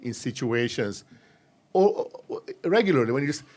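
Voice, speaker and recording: A man hosting a podcast, asking careful, measured questions of his guest. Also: medium pitch, animated, a little mellow. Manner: measured, searching for words. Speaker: podcast host. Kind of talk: interview questions.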